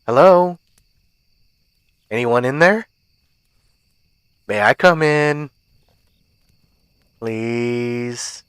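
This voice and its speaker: A man's voice: mid-range voice, very slow, pauses often, smooth, no echo, studio quality. A man voicing a creature at the door that mimics voices and pleads to be let in. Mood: pleading. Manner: pleading, wheedling.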